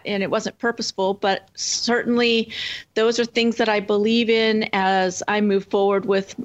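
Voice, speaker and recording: A woman's voice: mid-range voice, flat delivery, normal speed, muffled recording. A woman author talking as a guest in an interview, chatting loosely with many fillers. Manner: rambling, lots of fillers and restarts. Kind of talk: casual interview chat.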